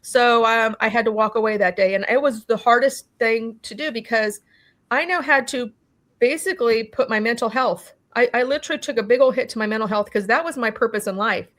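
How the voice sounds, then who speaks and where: Animated woman telling her own story. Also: fairly high pitch, a little fast. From California. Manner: animated storytelling, acting out quoted dialogue; frequent restarts and "you know". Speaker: interview guest. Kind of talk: personal testimony in a conversation.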